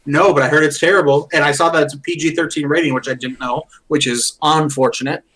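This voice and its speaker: A man's voice: on the high side, steady tone, fast, a bit bright. A man co-hosting a podcast in casual chat, rambling through movie scenes and retelling jokes. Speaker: podcast co-host. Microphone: close desk mic.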